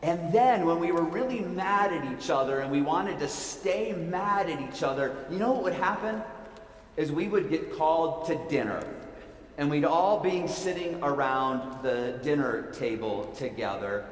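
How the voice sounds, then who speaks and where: A man's voice: fairly high pitch, animated, measured pace. Guy doing a kids sermon in a big echoey church, playful, keeps asking questions. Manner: playful, asks the listeners many questions. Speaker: pastor. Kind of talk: children's sermon. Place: church sanctuary. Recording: echoey church hall with long reverb.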